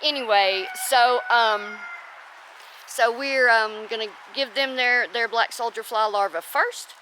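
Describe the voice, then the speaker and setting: A woman homestead vlogger keeps up casual chatter while handling chores outside at the chicken and rabbit pens, frequently breaking off to coo at her chickens by name. Her voice is a little high, pushed and bright, and she speaks at a measured pace. Slight background noise is audible.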